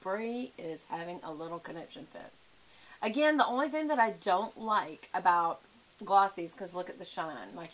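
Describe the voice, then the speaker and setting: A woman's voice: mid-range voice, expressive, normal speed, a bit bright. A woman, chatting casually and rambling to her viewers at home, calling them y'all. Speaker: vlogger. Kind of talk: casual chat to camera.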